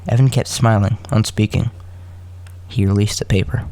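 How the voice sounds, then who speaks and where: A man hosting a podcast, reading a story aloud with halting restarts and joking asides. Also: lowish voice, fairly even intonation, darkish tone, no echo. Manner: halting, self-correcting, joking asides between coughs.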